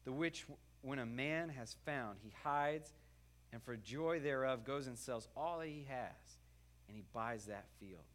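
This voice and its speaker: A man preaching a sermon, telling a parable with animated storytelling and leading a prayer. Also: medium pitch, a little slow. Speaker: pastor.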